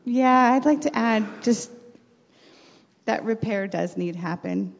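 Gravelly-voiced middle-aged mother, reflective. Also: fairly high pitch, slow. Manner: earnest, faith-centered, animated when retelling. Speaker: mother and podcast guest. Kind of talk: reflective personal storytelling. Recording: dull recording with long reverb.

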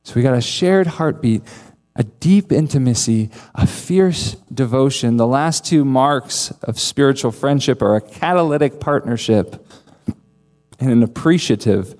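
A man preaching a sermon, emphatic and earnest, with dramatic pauses. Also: mid-range voice, animated, darkish tone. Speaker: pastor. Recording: long reverb of a large hall.

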